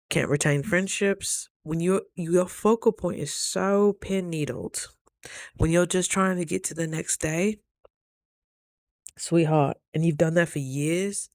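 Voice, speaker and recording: Gravelly idaho woman vlogging, dry close sound, acts out the quotes loud. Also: low voice, takes it slowly, long pauses, no echo. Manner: animated storytelling, loud quoted asides. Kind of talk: casual chat to camera.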